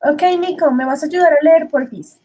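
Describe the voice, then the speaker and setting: Over a low-quality video call, a woman with a high, fast, dark-toned voice teaches an online English class. She explains grammar affectionately, calls her students dears and babies, and mixes in Spanish.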